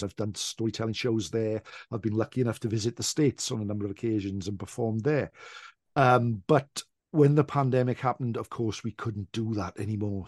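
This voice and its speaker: A middle-aged Welsh man who tells traditional stories, chatting casually as an interview guest, self-deprecating and quick to laugh. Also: lowish voice, darkish tone, no echo, clean studio sound. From Wales. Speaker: podcast guest, traditional storyteller.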